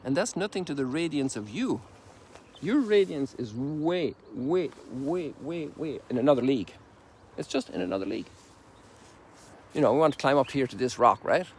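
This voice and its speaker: Rambling older Irish priest outdoors. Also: male voice, mid-range voice, lively intonation, moderate pace, slight background noise. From Ireland. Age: 60s. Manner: conversational, rambling, folksy asides. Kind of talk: informal reflective sermon while walking. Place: outdoors on a sunrise walk.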